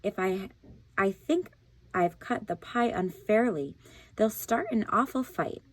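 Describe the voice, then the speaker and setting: A woman's voice: medium pitch, pitched above the performer's own voice, poor audio. A woman voicing a fretful young gator girl. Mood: worried. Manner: fretful, hurried exclamations. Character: young female alligator, anxious and polite.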